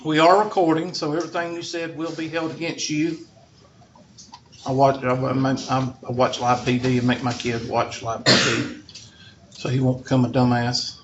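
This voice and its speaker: A man's voice: mid-range voice, level tone, normal speed. A man teaching a math class, joking and sarcastic as he lectures. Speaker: math instructor. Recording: dull lo-fi classroom recording with faint noise.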